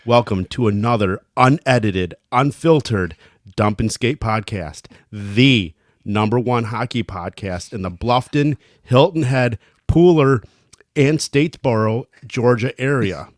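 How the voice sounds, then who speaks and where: A man's voice: mid-range voice, measured pace, no room sound, studio quality. A man co-hosting a podcast, teasing and ribbing his co-host in casual banter.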